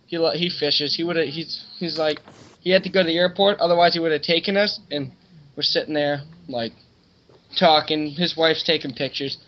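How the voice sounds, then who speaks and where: A man's voice: a little high, fairly even intonation, moderate pace, lo-fi sound, a little hiss or hum. A young man on a podcast, telling a loose, rambling story in casual chat with plenty of swearing. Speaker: podcast co-host.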